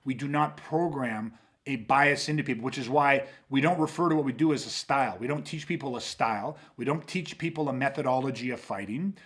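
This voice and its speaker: A man's voice: mid-range voice, fairly quick, a bit bright, husky. A man hosting a podcast about self-defense, telling stories animatedly with lots of swearing and restarts. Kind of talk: casual podcast talk.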